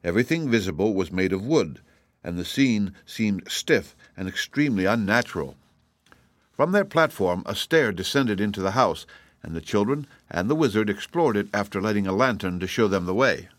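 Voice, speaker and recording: Low-voiced man reading a storybook. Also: animated, moderate pace, no echo. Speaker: narrator. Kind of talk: scripted narration.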